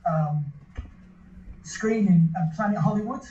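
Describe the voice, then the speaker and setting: A man's voice: high voice, measured pace, mellow, muffled recording, slight background noise. Man telling rambling stories in an echoey room. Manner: rambling storyteller with many restarts. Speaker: interview guest. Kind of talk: casual anecdote telling.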